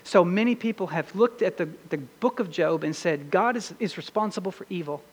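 High-voiced preaching man in a reverberant hall. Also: lively intonation, fairly quick, husky. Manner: earnest, preaching with emphatic swells. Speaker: pastor. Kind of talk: sermon.

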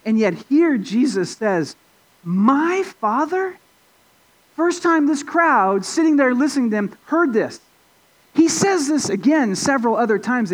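Guy preaching a sermon, pretty high voice, chatty, lots of ums and restarts, gets louder to make a point. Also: low-quality recording. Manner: conversational, with frequent fillers and restarts; rises in pitch and volume for emphasis. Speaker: pastor. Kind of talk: expository sermon.

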